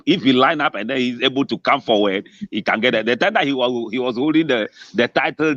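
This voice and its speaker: A man's voice: mid-range voice, fairly bright tone, dry recording. A man on a panel, bluntly dismissive and firing rhetorical questions. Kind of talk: opinionated panel discussion. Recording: dry dull lo-fi sound.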